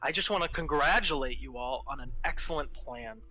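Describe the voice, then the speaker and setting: Guy doing a smug tall villain w bone wings, fake polite, real bright edgy tone. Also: mid-range voice, brisk, rough recording. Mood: mocking. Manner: mocking, falsely polite.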